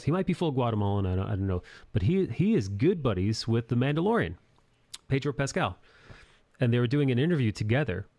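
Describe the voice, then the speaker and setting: A man's voice: lowish voice, a little mellow. A man hosting a live art stream, chatting casually in a rambling, jokey way and thanking viewers. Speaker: streamer host.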